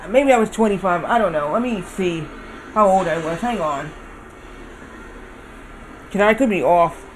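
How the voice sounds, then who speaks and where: A man's voice: high-pitched, unhurried, slight background noise. A man in his thirties chatting casually while streaming a game, rambling and often correcting himself. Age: 30s. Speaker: livestreamer.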